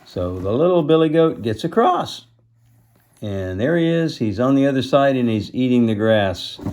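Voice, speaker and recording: A man reading a storybook aloud to children, pausing to explain words and show the pictures. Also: medium pitch, sing-song, a little mellow.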